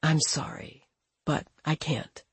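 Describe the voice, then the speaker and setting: A woman doing a soft, muffled reclusive man. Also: slow pace, no echo, lightly acted. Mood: quiet kindly. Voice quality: muffled, quiet, low. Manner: gentle, kind, brief. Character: reclusive soft-spoken man behind a door.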